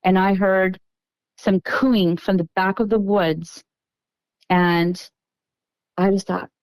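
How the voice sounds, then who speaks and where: A middle-aged woman from Texas, a podcast guest, recounting a personal story in an unhurried, halting way with frequent restarts. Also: mid-range voice, fairly even intonation, darkish tone, no echo, low-quality recording.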